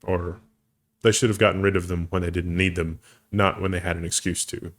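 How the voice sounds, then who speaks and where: Low-voiced man discussing tech news. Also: little pitch movement, a little fast, fairly bright tone. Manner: thinks aloud, restarts phrases, laughs easily. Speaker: co-host.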